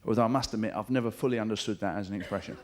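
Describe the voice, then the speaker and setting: A middle-aged stand-up comedian races through his live set on a comedy club stage in a lowish voice. He chats, curses, and does voice impressions for jokes, while the crowd laughs in the background.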